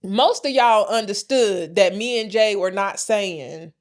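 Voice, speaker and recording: Woman, US-born podcast co-host, blunt and chatty, middle pitch. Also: measured pace. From United States. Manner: chatty, talks straight to listeners, folksy and blunt. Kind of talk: casual chat.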